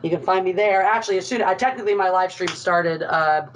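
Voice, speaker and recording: A chatty woman from Philadelphia talks casually as a podcast guest, joking at her own expense. Her voice sits at an ordinary pitch. A faint hiss runs under the recording. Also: quick pace, rough recording. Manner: chatty, self-deprecating, jokey.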